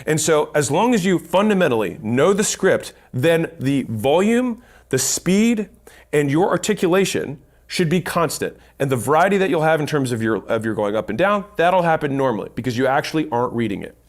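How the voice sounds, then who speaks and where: A man's voice: a little high, very animated, moderate pace. A man giving a blunt instructional talk on sales, counting points off and swearing casually. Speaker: business speaker teaching sales. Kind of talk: instructional monologue.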